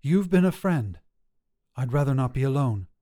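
A man voicing a cold, calm, aloof woman witch, speaking in a measured, cool way, only a little higher than his own voice. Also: lightly acted.

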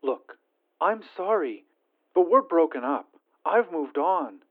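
A man voicing an exasperated young woman talking to her ex on the phone, clipped and flat, through a phone filter. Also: a little high, takes it slowly, pitched above the performer's own voice. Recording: tinny phone-line sound.

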